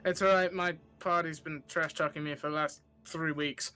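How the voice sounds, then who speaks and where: A man's voice: fairly high pitch, steady tone, moderate pace, sharp tone. A Canadian man playing in a tabletop game who answers with brief, dry replies. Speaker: player.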